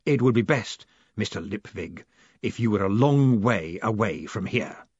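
A quietly threatening businessman speaks low and cold, as a male narrator puts him on, each word measured and calm. The voice is husky and sits in a dry, dull-sounding audiobook recording. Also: no room sound. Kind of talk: audiobook character reading.

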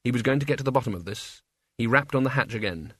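A man narrating an audiobook in a wry, measured storytelling manner. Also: mid-range voice, expressive, a bit bright, breathy edge, no echo. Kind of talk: scripted narration.

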